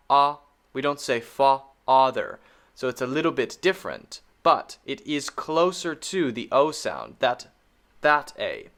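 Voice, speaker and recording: An American man gives a pronunciation lesson at an unhurried pace. His pitch rises and falls a lot as he stresses and repeats each sound. He speaks deliberately, like a patient teacher. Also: fairly bright tone.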